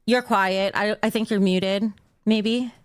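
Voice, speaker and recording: A woman's voice: mid-range voice, steady tone, slow, smooth. A woman talking frankly and bluntly in a played clip, swearing as she explains stepping down from managing a show. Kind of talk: casual frank talk.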